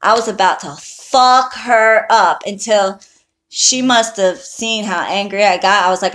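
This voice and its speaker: A woman who practises witchcraft and spellwork online speaks a little slowly in a mid-range, fairly bright voice. On a livestream she chats with her viewers casually and heatedly, swearing a lot and talking bluntly.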